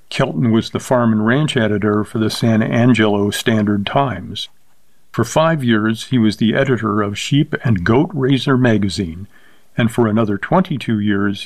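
A man reading a short story aloud with steady, measured narration. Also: on the low side, dry recording.

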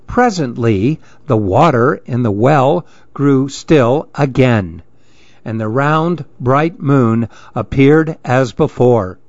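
A man reading children's stories aloud in an expressive, sing-song storybook manner. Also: mid-range voice, slow pace, no echo. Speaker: narrator. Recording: dull dry close recording.

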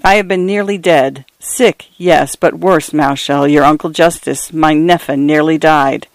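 A man voicing a bitter, ailing middle-aged wife who speaks coolly and quietly. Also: fairly high pitch, steady tone, a little slow, vocal fry, dry recording. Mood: cold.

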